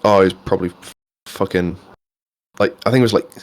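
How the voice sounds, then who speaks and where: A man's voice: sits low, steady tone, a little fast. Rambling, swearing young English man. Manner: rambling, swears freely, restarts often. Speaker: podcast co-host. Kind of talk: casual chat.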